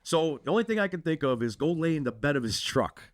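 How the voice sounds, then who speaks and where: A male podcast co-host tells a story in casual chat, voicing the characters and swearing freely. His voice is on the high side, fast, with big pitch swings.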